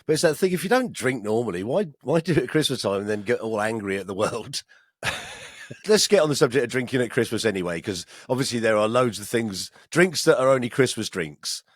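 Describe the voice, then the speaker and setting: Male podcast co-host, mid-pitched voice, rambling and laughing through casual chat. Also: lively intonation, fairly quick, no room sound, clean studio sound. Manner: rambling, laughing, many restarts. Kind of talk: casual banter.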